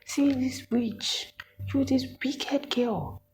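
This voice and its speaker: Nigerian lady doing a furious older woman official, pitched way up, yelling accusations. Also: drawn-out words, a little hiss or hum, poor audio. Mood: furious, scornful. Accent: Nigerian English. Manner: shouting accusations, scornful and threatening. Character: furious middle-aged woman course advisor.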